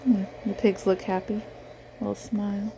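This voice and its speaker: A woman reading a picture book aloud to a child in a gentle, animated way, pausing to ask the child questions. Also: mid-range voice, vocal fry, slight background noise. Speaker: reader of children's books.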